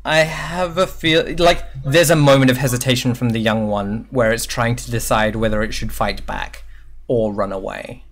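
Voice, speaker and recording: A man's voice: medium pitch, steady tone, normal speed, fairly bright tone. A man running a tabletop game who narrates in a loose, rambling way. He leans heavily on fillers and laughs often as he describes what happens. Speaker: game master.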